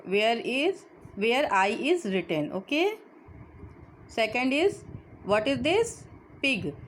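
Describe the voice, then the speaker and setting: Slow, lively-voiced woman teaching phonics. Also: on the high side, slight background noise. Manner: spells words letter by letter, repeats each word. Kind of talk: slow phonics lesson for children.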